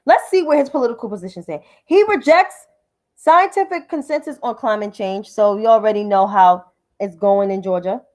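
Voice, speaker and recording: A woman's voice: mid-range voice, moderate pace, a little mellow. A woman hosting a livestream of political commentary, combative and profane, repeating names for emphasis.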